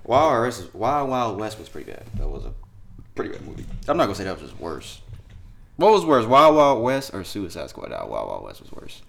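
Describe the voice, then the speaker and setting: Very deep-voiced man hosting casual chat. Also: wildly swooping pitch, brisk, gravelly. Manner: loose, profane, laughing banter. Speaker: podcast host.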